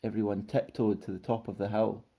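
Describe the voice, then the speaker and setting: A man reading a children's storybook aloud with expressive, lively narration. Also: lowish voice, a little fast, breathy edge.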